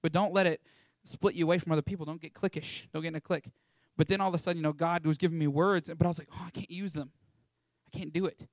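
A man's voice: on the high side, fairly even intonation, very fast, no echo, clean studio sound. A young man of about eighteen from Texas, giving a casual, rambling testimony talk about a mission trip, with lots of fillers. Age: young adult, about 18.

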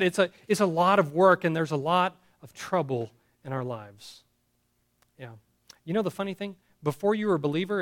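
A man's voice: high-pitched, a bit bright. A man preaching a sermon, earnest and conversational, often restarting and checking in with his congregation. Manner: earnest, with frequent restarts and call-outs to the congregation. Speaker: pastor.

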